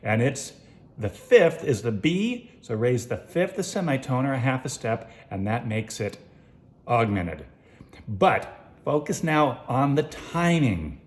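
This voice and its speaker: A man's voice: mid-range voice, very animated, takes it slowly. A man giving a casual music lesson, explaining time signatures, counting beats aloud and singing short snippets. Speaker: music teacher.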